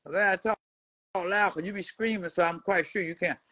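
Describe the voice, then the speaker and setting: A brash woman in her seventies rants at a rival in a profane, mocking response video. She swings between muttered asides and loud jabs. Her voice sounds close and dry, with no room echo. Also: lowish voice, brisk. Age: 70s. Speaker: social media personality answering a rival. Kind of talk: profane trash-talking response rant.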